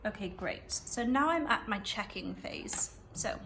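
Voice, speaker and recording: A woman teacher calmly walking students through a revision method, repeating phrases slowly and clearly. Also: medium pitch, a little hiss or hum. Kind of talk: revision lesson walkthrough.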